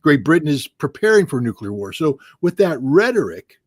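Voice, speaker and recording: Male commentator, husky tone, dead-dry sound, emphatic and argumentative. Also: on the high side, very animated, fairly quick, no room sound. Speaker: guest analyst. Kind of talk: interview commentary.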